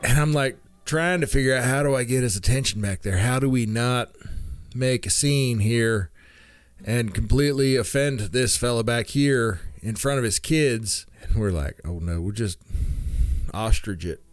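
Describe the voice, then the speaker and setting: A man telling a funny family story in a casual, animated way, jumping in pitch as he acts out what people said. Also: normal speed, clear, resonant tone, no echo. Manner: animated, acts out quotes with big pitch jumps. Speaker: storyteller comedian. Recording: faint guitar music behind.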